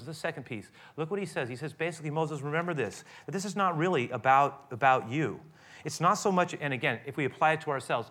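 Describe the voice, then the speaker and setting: A middle-aged pastor delivering a sermon in a bright, ringing voice that sits a little high. He preaches with animation and acts out back-and-forth dialogue between characters. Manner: animated preaching, acting out dialogue with rising intensity.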